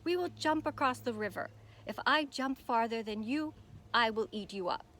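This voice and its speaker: A woman's voice: fairly high pitch, normal speed, fairly bright tone, close to an everyday voice. A woman reading a children's story aloud, voicing a hungry, grumbling male tiger who is easily fooled. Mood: bargaining.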